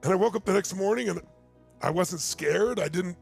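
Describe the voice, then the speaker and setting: A man's voice: high-pitched, moderate pace, soft background music. A man in his sixties, a motivational speaker telling a story in a keynote talk, emphatic and building to urgent appeals. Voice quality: gravelly.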